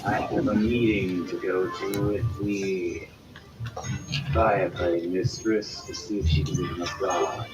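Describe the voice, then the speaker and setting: A man voicing a scheming, hostile older brother, a towering warrior who speaks slowly and smugly. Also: sits low, steady tone, pitched below the performer's own voice. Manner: smug, slow and menacing. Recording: dull lo-fi with music behind.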